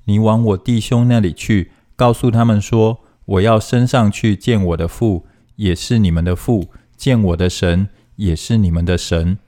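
A man reading Bible passages aloud in a steady, formal manner, phrase by phrase. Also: lowish voice, normal speed, few pauses. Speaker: scripture reader.

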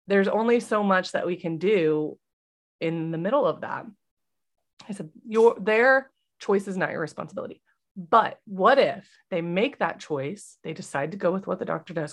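Animated woman telling a story. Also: fairly low pitch, moderate pace. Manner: animated, acts out quoted voices. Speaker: podcast co-host, nurse. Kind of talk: casual chat, storytelling.

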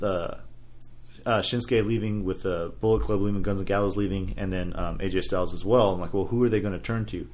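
A man's voice: fairly low pitch, darkish tone. A man hosting a casual wrestling podcast, talking in a loose, rambling way. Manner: rambling, many fillers and restarts. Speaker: podcast host. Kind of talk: casual chat.

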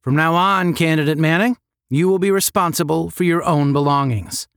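A man's voice: fairly high pitch, normal speed, fairly bright tone, smooth, no room sound, studio quality, voice pushed up. A man reading a stern senior cadet in a space-academy story, snapping clipped orders.

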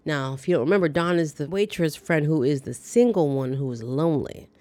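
A woman hosting a podcast chats through a movie recap with wry, dry jokes. Her voice is on the low side for a woman. The sound is dry and close, with no room echo. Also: fairly quick, darkish tone. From lives in the American South. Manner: chatty, wry, dryly joking. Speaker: podcast host.

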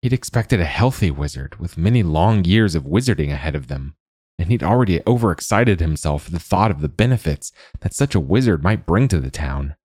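A man with a very deep, low voice reads a storybook in a measured, wry manner. The recording is dry and close, with no room sound. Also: lively intonation, darkish tone, husky, no room sound. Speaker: narrator. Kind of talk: storybook narration.

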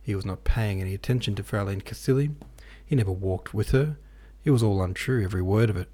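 A man reading a classic novel aloud as an audiobook narrator, with a measured, even delivery. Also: fairly low pitch, husky. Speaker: podcast host and audiobook reader.

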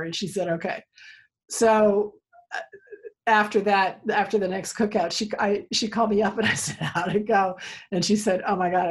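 Woman therapist as interview guest, husky voice, animated storyteller. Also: mid-range voice. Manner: animated storyteller, acts out quoted dialogue.

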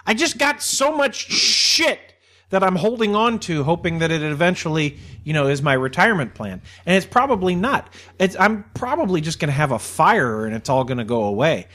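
A man with a slightly raised voice, co-hosting a loose podcast chat. He rambles and grumbles with animated swings and freely drops swear words. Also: on the high side, moderate pace. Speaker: podcast co-host. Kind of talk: casual chat.

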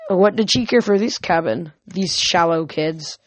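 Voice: medium pitch, measured pace, no room sound. Amateur novel reader, unpolished, slips and restarts, close dry mic. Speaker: audiobook reader. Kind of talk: reading a novel aloud.

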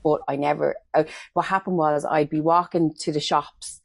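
A woman's voice: low-pitched, steady tone, normal speed, gravelly, no echo. A middle-aged Irish woman, a makeup artist, chatting as an interview guest and telling stories with acted-out quotes. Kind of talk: casual interview chat.

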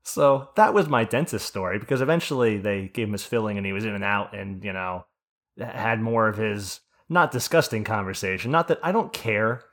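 Fairly low in pitch and fairly quick, the host's voice carries a casual New Jersey podcast story. He swears liberally and stays animated, acting out the people he's quoting.

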